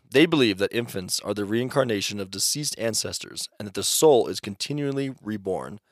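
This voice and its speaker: A man co-hosting a podcast, teasing and excitable in casual chat. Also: on the low side, dry recording, clean studio sound. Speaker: podcast co-host.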